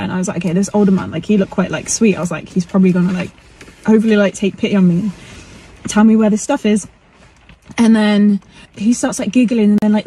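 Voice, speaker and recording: Young woman, husky voice, rambling, many fillers, talking in a car. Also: mid-range voice, mellow, rough recording. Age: young adult. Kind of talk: casual vlog storytelling.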